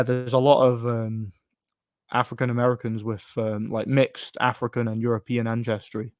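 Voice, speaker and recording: A man's voice: medium pitch, no room sound, studio quality. Blunt man on a stream. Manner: blunt, opinionated, rambling with restarts. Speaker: live stream host. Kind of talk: casual stream talk, reading chat.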